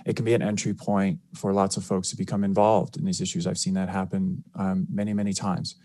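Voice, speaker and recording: A man, a civil rights attorney and author, answering questions as a radio guest in a measured way. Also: deep voice, little pitch movement, dark tone, dry recording. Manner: measured, many fillers and restarts. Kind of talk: radio interview.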